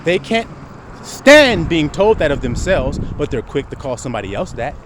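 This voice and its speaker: Man preaching with animated, lively pitch. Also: normal speed, background noise. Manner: rhetorical questions, swings from low mutter to loud emphatic outbursts, swears. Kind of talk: informal preaching monologue.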